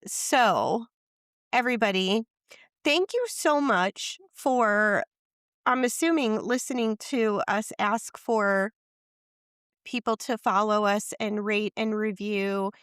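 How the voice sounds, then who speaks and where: A woman co-hosting a podcast, talking in relaxed, hesitant casual chat. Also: mid-range voice, clear, resonant tone, dry recording, clean studio sound. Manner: slow, relaxed, hesitant with fillers. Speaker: podcast co-host.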